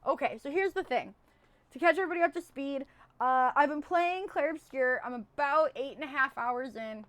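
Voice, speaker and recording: On her live stream, a young woman chats casually at a normal speed in a squeaky, high voice. She rambles, her volume going back and forth between loud and quiet.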